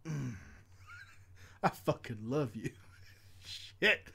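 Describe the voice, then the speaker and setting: A man's voice: mid-range voice, drawn-out words, gravelly, pauses often, slightly rough. A man comedically reading a viewer's gaming story aloud, breaking off to laugh, swear and comment. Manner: animated, swears freely, laughs often.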